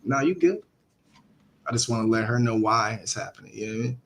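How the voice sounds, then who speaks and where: A man's voice: medium pitch, fast, vocal fry, very noisy. Laid-back slangy man hosting a trading stream. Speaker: livestream host and trader. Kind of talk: casual live trading commentary.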